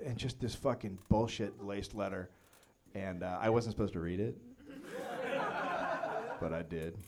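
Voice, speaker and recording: A man's voice: medium pitch, moderate pace. A man co-hosting a live comedy podcast, telling crude stories with a lot of swearing. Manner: profane storytelling, animated. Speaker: podcast co-host.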